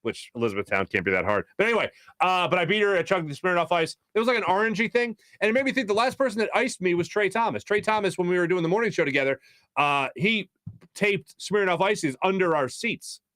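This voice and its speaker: His voice high and his pace quick, this thirty-something Philly sports radio host rambles energetically through stories, often starting over. The recording is dry, made in a radio studio with a studio microphone.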